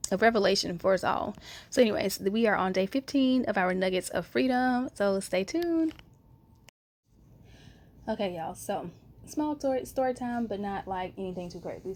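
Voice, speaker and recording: A young adult woman from North Carolina, telling a story in a casual vlog and calling her viewers honey and baby. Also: medium pitch. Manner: chatty, animated, uses pet names like honey and baby. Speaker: vlogger. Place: at home, late at night.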